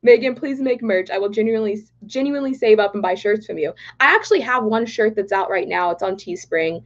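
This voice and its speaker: A young woman from Dallas with a Texan accent, chatting excitably on a livestream and reading viewer comments aloud. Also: medium pitch, brisk. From Texas, Dallas. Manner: bubbly and excitable, reads chat aloud. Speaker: political vlogger. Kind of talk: casual livestream chat. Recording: dull lo-fi livestream audio.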